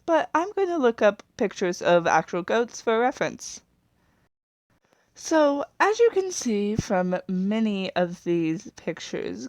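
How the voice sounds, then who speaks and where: Narrating her character design process, a woman video creator talks in a chatty, rambling way, often correcting herself, trailing off, and sounding apologetic. Her pitch is mid-range and the recording is dry.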